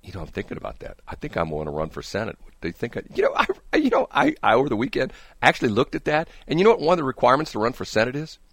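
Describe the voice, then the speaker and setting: A man's voice: mid-range voice, wildly swooping pitch, very fast, vocal fry, few pauses, fairly bright tone, no room sound, clean studio sound. A man hosting a radio talk show, chatting casually and rambling with jokes and restarts. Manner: rambling, joking, frequent restarts.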